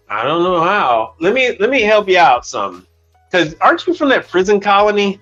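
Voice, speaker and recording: A man's voice: sits high, huge pitch swings, normal speed, fairly bright tone, dull audio, faint music behind. A man hosting a casual livestream, telling stories bluntly and with plenty of profanity, acting out the dialogue. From Chicago. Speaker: livestream host.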